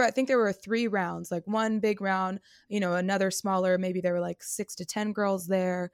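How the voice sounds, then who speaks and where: A woman performer, a guest on an interview show, telling an audition story casually. She is animated and chatty, laughs often and uses many fillers. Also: medium pitch, normal speed, few pauses, smooth, no room sound, studio quality.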